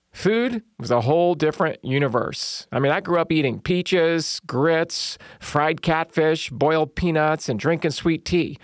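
A man's voice: fairly high pitch, a little slow, hardly any pauses, dry recording, studio quality. Humorous man preaching a sermon. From Southern United States. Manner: humorous storytelling, lively quoted voices. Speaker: pastor.

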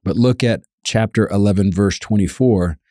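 Earnest low-voiced male preacher. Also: moderate pace, mellow, no room sound, studio quality. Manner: earnest, emphatic, repeats key lines; reads scripture aloud. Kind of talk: sermon.

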